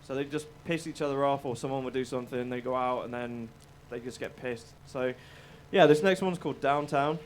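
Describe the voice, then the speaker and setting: A man's voice: mid-range voice, a little fast, few pauses, a little hiss or hum. A male musician chatting as a guest about his songs, laid-back, rambling and a bit sweary. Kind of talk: casual interview chat.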